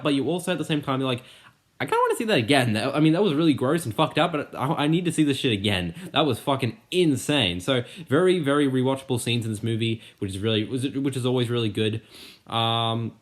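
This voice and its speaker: A young man talks through a movie review in a loose, excitable way, swearing freely and restarting his sentences. His voice sits at an ordinary middle pitch for a man, and he sounds like a channel host chatting to viewers. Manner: excitable, profane, rambling with many restarts. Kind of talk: casual spoken movie review.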